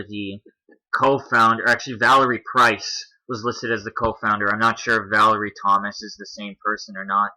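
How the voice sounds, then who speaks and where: A man's voice: fairly low pitch, sharp tone, rough recording. A man hosting a commentary video, talking through a list on screen in a casual explaining way, with a Canadian accent.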